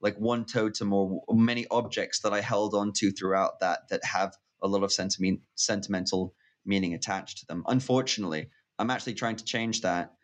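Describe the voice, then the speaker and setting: A man co-hosting a casual movie podcast, speaking in a thoughtful, wry, measured way. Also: lowish voice, fairly even intonation. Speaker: podcast co-host.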